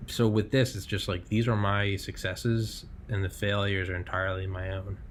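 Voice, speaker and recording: Rambling casual man with a lowish voice. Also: little pitch movement, moderate pace, a little hiss or hum. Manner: rambling, heavy on fillers and swearing. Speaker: podcast host. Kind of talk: casual chat.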